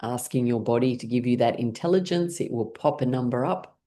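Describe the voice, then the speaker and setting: A woman's voice: rumbling low, fairly quick, warm tone. A woman teaching an online laughter class, guiding playful pretend scenes and breaking into frequent bursts of laughter. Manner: playful, leading imaginary scenarios.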